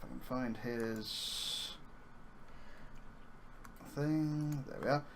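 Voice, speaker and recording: A man's voice: medium pitch, very slow, very noisy. A man playing a tabletop game, describing what his character does in a hesitant way full of fillers. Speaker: player.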